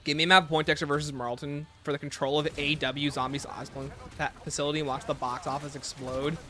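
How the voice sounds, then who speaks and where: A man's voice: a little high, level tone, fast talker, sharp tone, soft background music. A young man chatting casually with his viewers while playing a zombie shooter, rambling and joking. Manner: joking, rambling banter with chat. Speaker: gaming livestreamer. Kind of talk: casual livestream commentary.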